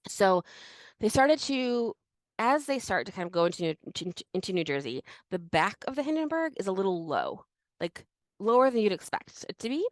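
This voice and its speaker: A woman's voice: mid-range voice, sing-song, normal speed, no echo, low-quality recording. A woman co-hosting a history podcast, telling a story in a loose, chatty way with lots of "like" and restarts. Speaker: podcast co-host. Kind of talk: casual history chat.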